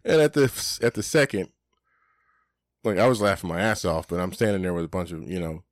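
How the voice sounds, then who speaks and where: A man's voice: deep voice, expressive, fairly quick, no echo, studio quality. A man co-hosting a podcast in casual chat, blunt and profane, rambling with lots of "you know"s. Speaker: podcast co-host.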